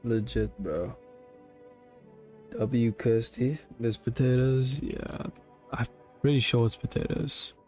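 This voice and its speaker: A man's voice: medium pitch, steady tone, takes it slowly, long pauses, a little mellow, faint music behind. A man giving casual gameplay commentary, reacting aloud in an emotional, slangy way. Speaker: gamer.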